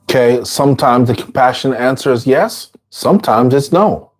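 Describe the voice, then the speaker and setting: A man giving an informal dharma talk, casual and repetitive, sometimes acting out quoted people in a higher voice. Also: normal speed, hardly any pauses. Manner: casual, repeats phrases, acts out quotes in a high voice. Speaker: dharma teacher.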